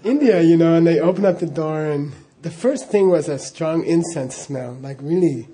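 A man's voice: a little high, moderate pace, mellow. A middle-aged man telling a personal story in a casual, rambling way, with frequent chuckles and "you know" asides. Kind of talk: casual spoken anecdote.

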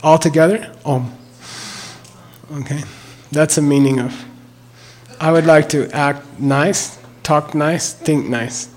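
Speaking with fairly high pitch and fairly even intonation, an older man explains a mantra's sounds and meaning. He goes slowly and deliberately, spelling words out, repeating them, and asking "okay?" after every point.

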